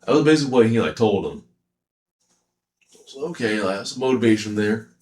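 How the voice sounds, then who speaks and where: A man's voice: lowish voice, a little fast, darkish tone, roomy sound. A man giving a casual, rambling anime commentary, slangy with many fillers and frequent laughter. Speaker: anime reviewer.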